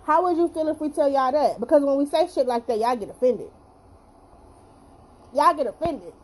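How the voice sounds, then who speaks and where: Blunt, high-voiced young woman ranting. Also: animated, moderate pace, rough recording. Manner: blunt, profane, repeats herself for emphasis. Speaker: vlogger. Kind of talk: casual opinion rant to camera.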